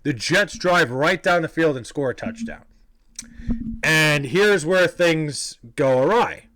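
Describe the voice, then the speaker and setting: A young man from New York casually telling a story, animated, profane and self-deprecating. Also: fairly high pitch, slow pace, a little hiss or hum, rough recording. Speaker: vlogger telling a personal story.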